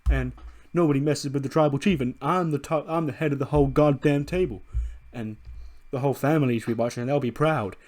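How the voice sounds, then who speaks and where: Guy putting on a cocky wrestling champ, loud and ranting, pitched up a bit, boasting nonstop. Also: fast talker, lightly acted.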